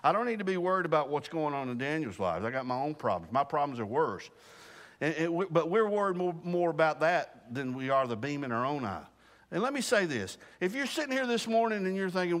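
A man leading a casual sermon and Bible study, animated, repeating himself, restarting sentences and laughing at himself. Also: on the high side, brisk, in a large hall. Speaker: pastor.

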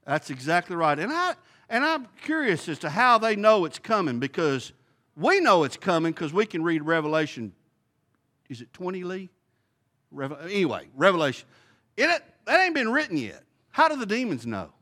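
Animated, high-voiced man teaching scripture. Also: normal speed. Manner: folksy, thinking aloud with restarts and questions. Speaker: Bible study teacher. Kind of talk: conversational Bible teaching.

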